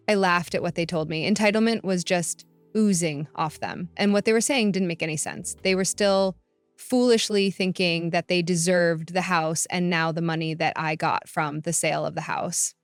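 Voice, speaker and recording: A woman's voice: on the low side, steady tone, moderate pace, smooth, no echo. A woman reading a first-person story in a matter-of-fact narration. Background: faint background music.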